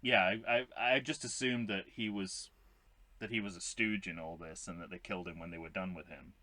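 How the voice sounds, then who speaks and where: A man's voice: sits low, fairly even intonation, a little fast, pushed and bright. A man co-hosting a podcast in casual chat, joking wryly with lots of restarts. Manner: wry, joking, many restarts. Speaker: podcast co-host.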